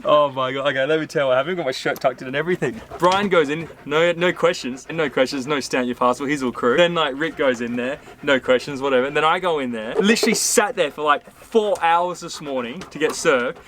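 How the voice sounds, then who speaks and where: A man's voice: fairly high pitch, brisk, few pauses, fairly bright tone, a little hiss or hum. A young man, a boat captain hosting a sailing vlog, telling a long, exasperated story with lots of restarts. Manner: rambling, exasperated retelling with many restarts. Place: on a sailing yacht.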